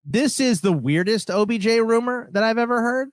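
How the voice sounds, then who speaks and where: Animated, joking sports radio man. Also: very high-pitched, normal speed, no echo, clean studio sound. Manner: joking, animated, laughs often. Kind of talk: casual sports talk banter.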